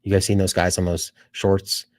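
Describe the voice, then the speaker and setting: A man's voice: sits low, monotone, moderate pace, darkish tone. A man chatting casually on a live stream, rambling to his viewers, swearing and saying "dude" a lot. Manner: talks straight to his viewers.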